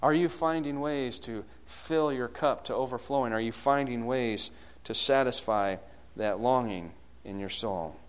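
A man preaching a sermon, asking the congregation questions and swinging between loud bursts and hushed lines. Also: mid-range voice, unhurried.

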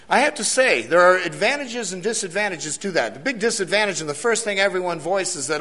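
A man's voice: high voice, expressive, a little fast, few pauses, bright, forceful tone. A man serving as a jail chaplain, giving an earnest testimony to a church committee and repeating key phrases for emphasis.

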